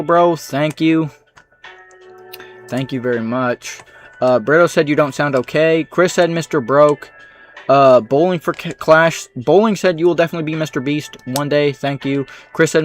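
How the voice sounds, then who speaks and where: Dry, sarcastic male streamer. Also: on the high side. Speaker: livestreamer. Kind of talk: reading out live chat comments.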